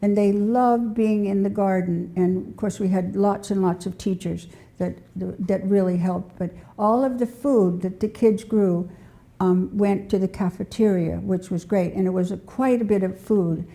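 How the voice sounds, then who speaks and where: An older woman tells stories in a loose, rambling way, with plenty of restarts and small laughs. Her voice is low and mellow with a gravelly fry. She sounds like a relaxed storyteller speaking to a local audience. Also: unhurried. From New Hampshire. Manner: warm rambling anecdotes with frequent restarts and laughter. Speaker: storyteller sharing community memories. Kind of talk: casual spoken storytelling.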